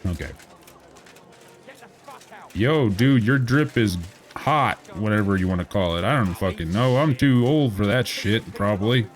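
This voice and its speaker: A man's voice: lowish voice, lively intonation, a little slow, pauses often. A man in his thirties giving casual gameplay commentary as a streamer, sarcastic, rambling and profane.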